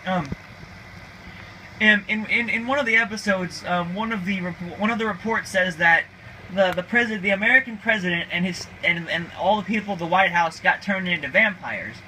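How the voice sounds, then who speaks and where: A man's voice: high-pitched, normal speed, pushed and bright, a little hiss or hum, poor audio. A man giving a casual, emphatic opinion monologue, ranting with frequent restarts. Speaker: video creator.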